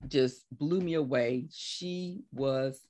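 Woman, 60s, life coach guest, chatty storyteller who bursts high when quoting. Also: takes it slowly, a little hiss or hum. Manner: animated storyteller, acts out quotes with big laughing pitch jumps. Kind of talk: conversational interview.

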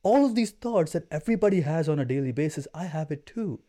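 A man's voice: on the high side, lively intonation, fast, dark tone. A man in his twenties, a podcast guest, talking in an intense, emphatic, slangy way. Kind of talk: casual chat.

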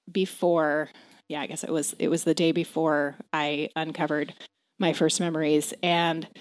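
A woman in her forties telling a personal story as a guest, halting and soft-spoken, with many fillers and restarts. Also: on the low side, clear, resonant tone, no echo, studio quality. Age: 40s.

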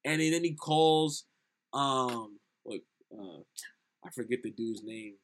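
A man's voice: mid-range voice, slow pace. A young man co-hosting a casual film review podcast, animatedly retelling scenes and acting out lines. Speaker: podcast co-host.

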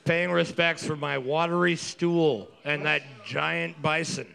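Gravelly, bright-voiced man bantering. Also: on the high side, steady tone, slow. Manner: sarcastic, tells comic tangents. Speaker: trivia co-host. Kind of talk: casual banter.

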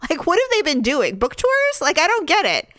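Animated, outspoken woman co-host. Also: sits high, quick pace, dry recording. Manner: animated, swears, acts out quotes in raised voice. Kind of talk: casual chat reviewing a TV show.

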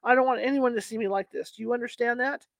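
A woman voicing a frightened, hysterical young wife in a read-aloud story, lines raised and slowed. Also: fairly high pitch, creaky, no room sound. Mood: distraught.

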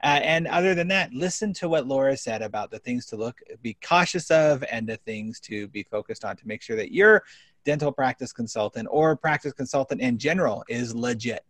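A man hosting a business podcast interview, talking in an energetic, animated way and telling stories. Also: medium pitch, a little fast, dry recording. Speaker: podcast host.

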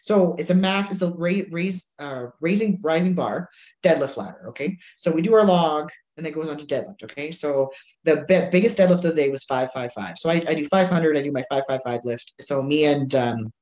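A woman chats in a relaxed way, telling a lively story and voicing each person in it herself. Her voice rings around a roomy space. The audio is dull and lo-fi. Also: low voice, brisk. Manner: animated storyteller acting out dialogue. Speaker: strongwoman competitor. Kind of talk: casual chat.

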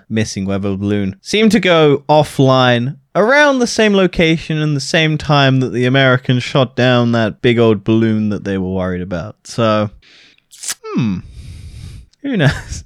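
A British man co-hosting a podcast in casual chat, teasing and laughing often in quick bursts. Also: medium pitch, lively intonation, smooth, dry recording, studio quality. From Britain. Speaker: podcast co-host.

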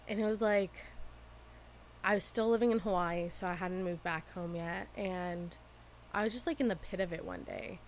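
A woman's voice: fairly low pitch, moderate pace, a little hiss or hum. A woman co-hosting a podcast, telling a personal story candidly and laughing often as she talks. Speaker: podcast co-host. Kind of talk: casual chat.

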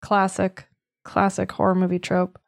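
A woman's voice: medium pitch, monotone, normal speed, gravelly, dry recording, clean studio sound. Chatty American woman podcast co-host. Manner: chatty, jokey asides. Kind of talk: casual true-crime chat.

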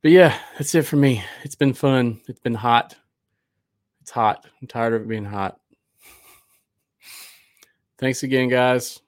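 A man's voice: mid-range voice, slow, pauses often, no room sound, clean studio sound. A man hosting a live podcast, chatting loosely and rambling with fillers and restarts. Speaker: podcast host. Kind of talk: casual live podcast chat.

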